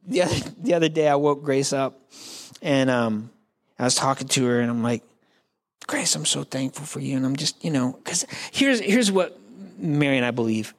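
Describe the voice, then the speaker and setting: A man's voice: mid-range voice, expressive, normal speed. Man preaching a chatty, joking sermon. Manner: conversational, joking preaching with asides to the congregation; acts out quoted voices. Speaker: pastor.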